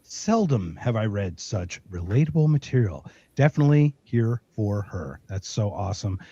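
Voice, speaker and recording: A man's voice: on the low side, big pitch swings, moderate pace, dark tone, breathy edge, no echo. A man hosting a podcast in casual chat, joking and playful. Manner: joking, playful, fond of doing voices. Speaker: podcast host. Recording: dull, dry recording.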